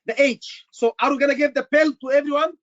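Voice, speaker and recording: A man's voice: extremely high pitch, steady tone, quick pace, fairly bright tone, no echo, dull audio. A man tutoring students for a medical exam, emphatic and repeating his words. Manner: emphatic, repeats words, says "brother" often. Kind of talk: online teaching session.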